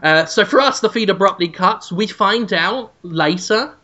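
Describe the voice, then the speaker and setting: Bright-voiced man spinning absurd tales. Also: high-pitched, normal speed, muffled recording. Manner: rambling, deadpan absurd narration. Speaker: podcast host. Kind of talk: comedic improvised storytelling.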